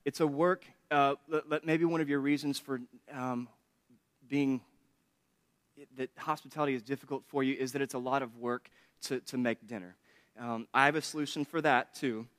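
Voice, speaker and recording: A man's voice: mid-range voice, steady tone, moderate pace, fairly bright tone. A man preaching a sermon in a chatty, joking way, laughing often between points. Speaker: pastor. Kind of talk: conversational sermon with humor.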